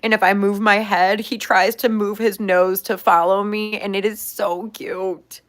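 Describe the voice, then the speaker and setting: Casting: young woman vlog host, chatty and upbeat, heavy "like" fillers, mid pitch. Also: level tone, measured pace. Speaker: pet pig owner, channel host. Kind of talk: casual chat answering viewer questions.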